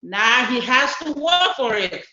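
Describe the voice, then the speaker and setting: A woman's voice: on the high side, slow pace. Woman telling a children's story in church. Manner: expressive, addresses children directly. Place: church sanctuary. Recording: echoey church hall, dull sound.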